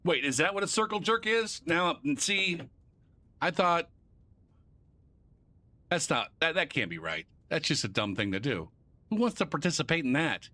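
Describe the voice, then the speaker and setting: A man streaming a game live, talking casually in a rambling, joking way with plenty of swearing. His voice sits a bit high for a man and sounds bright and forceful. He narrates each step of what he clicks. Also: sing-song, normal speed, pauses often.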